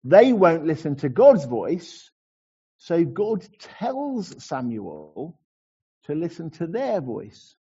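A man delivers a relaxed, conversational sermon, stumbling over the odd word as he goes. His voice is warm and slightly husky and sits a touch higher than usual, and the recording sounds dull and muffled. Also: slow. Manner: conversational, with frequent restarts and acted asides. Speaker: preacher.

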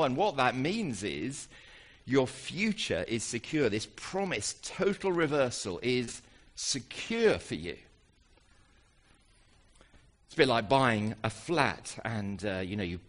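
Male pastor, sermon delivery, lively pitch, rhetorical asides. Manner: animated, asks rhetorical questions. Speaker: preacher.

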